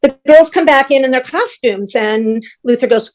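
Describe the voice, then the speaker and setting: A woman's voice: sits high, moderate pace. An older woman, a guest who works as a stage manager, telling backstage stories in casual chat and acting out what other people said. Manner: animated, acts out other people's lines. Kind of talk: anecdotal storytelling in casual chat.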